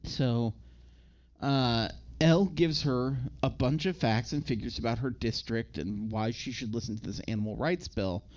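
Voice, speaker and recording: A man co-hosting a casual chat, recapping a film in a rambling, halting way with lots of fillers and restarts. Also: medium pitch, a little mellow. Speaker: podcast co-host recapping a film. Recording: dull lo-fi audio.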